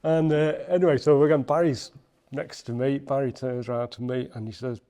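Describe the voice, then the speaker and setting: A man from Liverpool with a Liverpool accent, a podcast guest telling a lively anecdote in casual chat, acting out the people he quotes. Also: mid-range voice, brisk. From Liverpool, England. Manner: animated anecdote-telling with acted quotes and laughs. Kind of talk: storytelling in casual interview.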